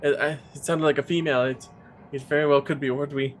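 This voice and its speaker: A man's voice: a little high, fairly even intonation, fast, a little hiss or hum. A man playing a tabletop game who chats casually and thinks aloud. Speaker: player.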